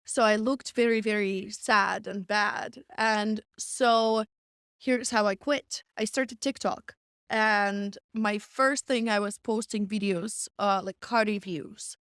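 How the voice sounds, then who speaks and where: A woman's voice: medium pitch, fairly even intonation, slow pace, a bit bright, smooth, no echo, studio quality. A young woman, a comedian guest telling stories in a casual interview and filling her talk with "like.". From Russia. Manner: chatty, frequent "like", laughs often.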